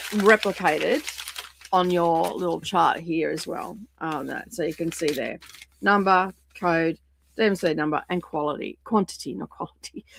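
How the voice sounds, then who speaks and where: A woman's voice: lowish voice, vocal fry, slight background noise. A woman hosting a casual craft livestream from her home craft space, chatting in a rambling way as she explains what she is doing. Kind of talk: casual craft-along chat.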